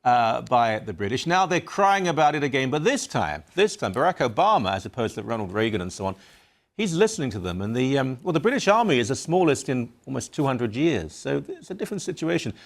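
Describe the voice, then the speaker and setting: A male talk radio host in his studio with a plain, mid-pitched voice. He puts pointed questions to his guest and states his own views firmly. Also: sing-song, brisk. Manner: opinionated, assertive questioning.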